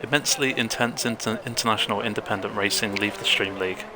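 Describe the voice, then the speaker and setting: A man's voice: lowish voice, steady tone, fast talker, noisy background. A man co-commentating a live sim race, chatty and joking between calls.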